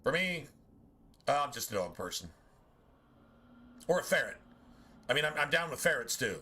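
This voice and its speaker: A man's voice: mid-range voice, sing-song, moderate pace, sharp tone, husky. Blunt, rambling man streaming a game. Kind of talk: casual gameplay commentary.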